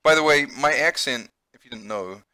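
A man's voice: medium pitch, lively intonation, normal speed, pushed and bright, no echo. A man with a New Zealand accent who teaches English, reading a visual novel aloud and chatting in a teacher's explaining way.

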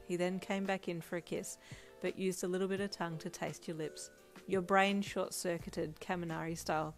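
Woman storyteller, fan fiction read aloud, steady even voice, slightly low pitch, soft music underneath. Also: moderate pace. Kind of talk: storybook narration.

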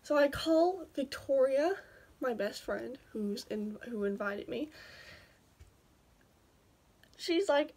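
Slow-talking, giggly young-sounding vlogger woman. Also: high-pitched, lively intonation, darkish tone, slightly rough. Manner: rambling, giggly storytelling. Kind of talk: casual chat to camera.

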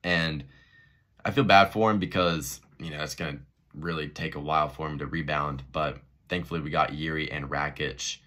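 A man's voice: extremely low pitch, normal speed. A man hosting his own MMA video channel, giving a blunt, profane casual rant straight to his viewers. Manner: blunt, profane, animated ranting. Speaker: MMA commentary vlogger.

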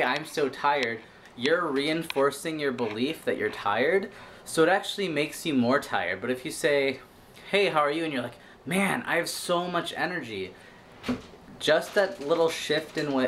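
A man's voice: mid-range voice, a bit bright, a little hiss or hum. A man vlogging, giving an earnest, upbeat pep talk in a rambling, casual way with lots of fillers. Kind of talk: casual motivational vlog talk.

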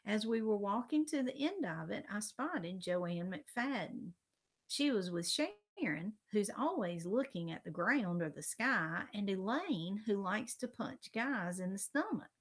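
A woman reading a children's chapter book aloud, slow and careful. Her pitch moves a lot as she tells the story, and now and then she drops to a hush. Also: lively intonation. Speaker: reader.

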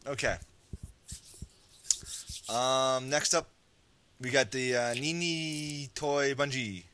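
A man's voice: medium pitch, fairly even intonation, slow, pushed and bright, clean tone. A man co-hosting a parenting podcast, dryly steering the chat back on track. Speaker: podcast co-host. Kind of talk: casual chat.

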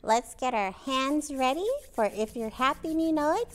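A woman librarian reading a storybook aloud to toddlers, animated and expressive with chatty asides. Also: high-pitched, moderate pace. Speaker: children's librarian.

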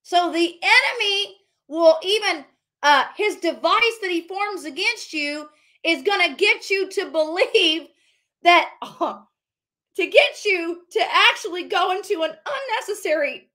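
A woman's voice: high-pitched, pushed and bright. A woman ministering prophetically in a livestreamed sermon, fervent and repetitive as she decrees over listeners. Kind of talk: livestream preaching.

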